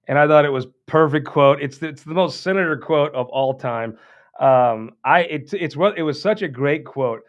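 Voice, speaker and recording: A man hosting a political talk show, rambling in a folksy, casual monologue with frequent restarts. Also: mid-range voice. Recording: dull lo-fi sound.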